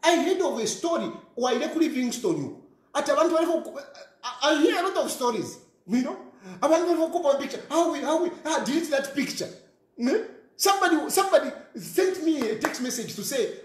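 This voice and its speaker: Zambian man, high-pitched voice, lively swings, scolding rant, echoey room. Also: fast talker. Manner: scolding, mixes English with local language. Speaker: social media commentator. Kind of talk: animated social media rant.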